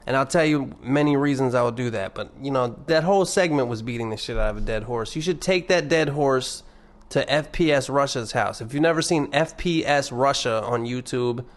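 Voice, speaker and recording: A man's voice: medium pitch, fairly quick. A young man hosting his own podcast alone, rambling and joking with lots of swearing. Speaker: podcast host. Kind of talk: casual solo podcast rant.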